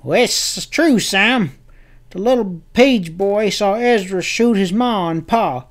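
Male narrator puts on a jittery older frontier gossip, pitched up and loud, rushing news in a folksy drawl. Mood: alarmed.

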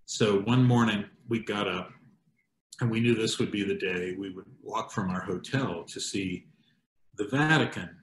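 Slow, unhurried man reading poetry. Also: lowish voice. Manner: slow, conversational, with hesitations and asides. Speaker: poet and painter. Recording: echoey room.

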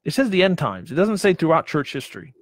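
A man's voice: fairly high pitch, sing-song, fast. A man preaching a sermon, emphatic, with many rhetorical questions and repeated words.

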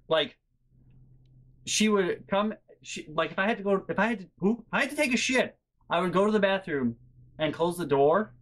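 Rambling, exasperated storytime vlogger. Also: mid-range voice. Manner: rambling, filler-heavy, swears freely. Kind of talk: casual storytime monologue. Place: bedroom at home.

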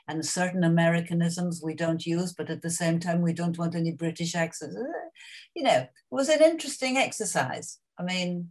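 Low-voiced older woman telling anecdotes. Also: moderate pace, a little mellow. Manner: chatty, anecdotal, lots of asides. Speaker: actress interviewee. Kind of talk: reflective career interview.

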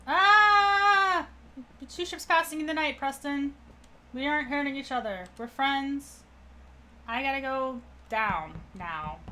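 Playful high-voiced woman streamer, animated. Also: takes it slowly, slight background noise. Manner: playful, joking, swears freely. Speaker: streamer playing a social deduction game. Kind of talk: casual gaming chat.

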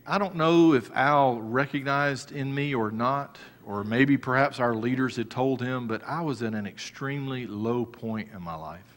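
A man preaching a sermon as pastor, moving between raised exhortation and quiet personal storytelling. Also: mid-range voice, normal speed, few pauses. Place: church sanctuary. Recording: church hall reverb.

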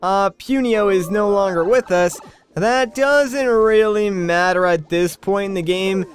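A man's voice: sits high, a little slow. A man hosting a Let's Play, chatting casually over gameplay with many fillers.

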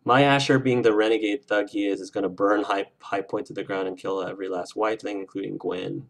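A man's voice: lowish voice, fairly even intonation, fairly quick, vocal fry. A man hosting a game livestream, chatting casually with viewers in an effusive, emotional way. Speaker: let's play streamer.

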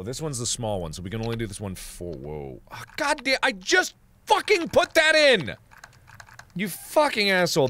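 Frustrated gamer man, muttering then yelling. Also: fairly low pitch, a little hiss or hum. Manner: swings from muttering under his breath to shouting and yelling; swears in frustration, repeats phrases over and over. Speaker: gaming video host. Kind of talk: let's play commentary.

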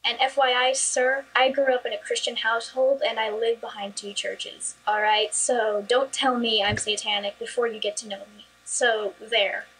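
A teenage girl recounts her own experience in a chatty, conversational way, full of "like" and "you know". Her voice is breathy and fairly high, and she turns sassy and defiant when she stands up for herself. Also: little pitch movement, normal speed, hardly any pauses, fairly bright tone, low-quality recording. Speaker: storyteller. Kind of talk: recorded personal story.

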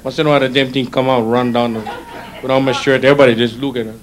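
Racing along at medium pitch with fairly even intonation, a middle-aged Hawaiian Pidgin-accented comedian teases and chats with people in his audience. The set takes place on a hotel showroom stage, recorded live with crowd laughter and background noise.

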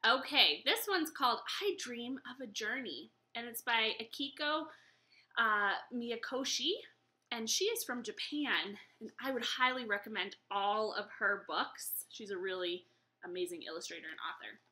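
A woman's voice: on the high side, animated, normal speed, sharp tone. A woman working as a children's librarian, leading a baby storytime with a cheerful sing-song reading manner. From United States.

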